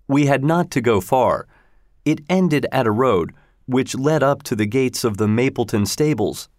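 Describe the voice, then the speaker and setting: Man, audiobook narration, even delivery, mid pitch, dry close sound. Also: a little slow, no echo.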